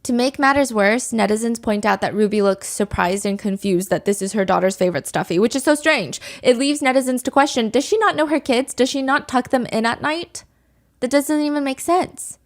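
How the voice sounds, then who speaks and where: A woman's voice: a little high, brisk. A woman hosting a podcast, telling a true crime story in a candid, conversational way. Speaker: podcast host.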